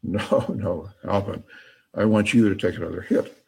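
A man voicing a bossy, booming divine voice that gives insistent, deadpan orders, with a husky tone. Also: moderate pace, exaggerated voice. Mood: commanding. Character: commanding booming male divine voice.

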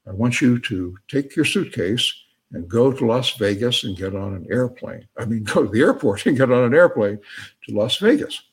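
A man voicing a bossy, booming divine voice that gives insistent, deadpan orders, with a husky tone. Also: moderate pace. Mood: commanding. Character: commanding booming male divine voice.

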